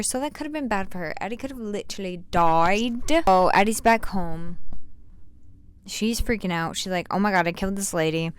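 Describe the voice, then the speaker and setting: A woman's voice: medium pitch, clear, resonant tone. Slangy young woman rambling book recap. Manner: slangy, rambling, sarcastic asides. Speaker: book reviewer. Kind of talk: casual book review vlog.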